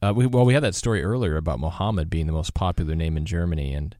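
A man's voice: sits low, quick pace, dry recording. A man hosting a live radio talk show in a studio, chatting casually with many fillers. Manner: relaxed, rambling, many fillers.

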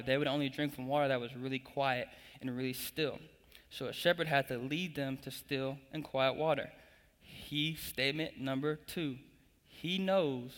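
A man's voice: on the high side, fairly bright tone. Young man preaching in an echoing hall. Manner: building emphatic repetition, calls congregation to respond. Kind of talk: sermon. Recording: long echo of a large hall.

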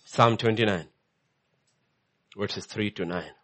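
A male preacher giving a sermon, swinging between hushed lines and loud emphatic ones. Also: on the low side, takes it slowly.

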